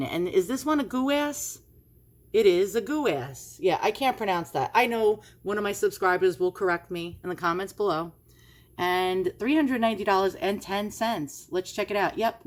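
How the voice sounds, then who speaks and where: A woman with a New York accent hosting an antiques vlog, chatting casually and rambling with plenty of fillers. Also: mid-range voice. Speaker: antiques vlogger. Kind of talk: casual screen-share commentary.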